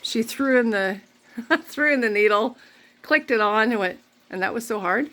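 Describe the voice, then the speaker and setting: A woman's voice: a little high, normal speed, a bit bright. A woman vlogging, telling a rambling, candid personal story full of faith talk. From Canada.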